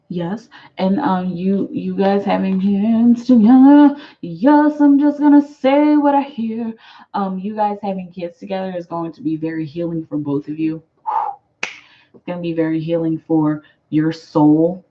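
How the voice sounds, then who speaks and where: A woman's voice: mid-range voice, narrow, tinny audio. An American woman giving chatty live tarot readings, reading viewer comments aloud and laughing often. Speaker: tarot reader.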